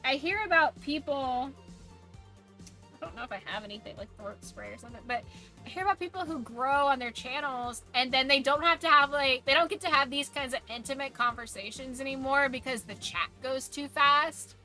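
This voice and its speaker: Bright-voiced woman with a mild Southern lilt. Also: sits high, brisk, faint music behind. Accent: mild Southern American. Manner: rambling, many "like" fillers and restarts. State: voice going hoarse. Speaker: streamer. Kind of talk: casual chat with live chat.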